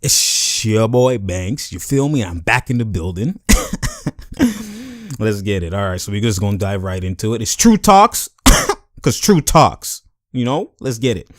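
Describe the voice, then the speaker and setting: A YouTube host breaks down a game clip on his own channel in loose, slangy casual commentary, repeating filler phrases and sometimes acting out the players' lines in quick put-on voices. His voice is lowish and very animated. The sound is studio quality with no echo.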